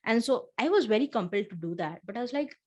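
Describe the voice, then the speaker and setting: A woman's voice: a little high, lively intonation, fast, a little mellow. A woman co-hosting a casual heart-to-heart conversation, talking in an earnest, reflective way and vividly retelling her own feelings. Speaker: podcast co-host.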